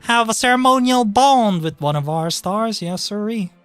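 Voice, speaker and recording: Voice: medium pitch, animated, moderate pace, fairly bright tone, smooth, no echo, faint music behind, voice pushed up, lightly acted. A voice actor doing a folksy Southern woman who is a star being, with a twangy drawl, as a comedy bit in casual chat. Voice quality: twangy drawl, "yes sirree" folksy phrasing. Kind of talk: comedic improvised voice.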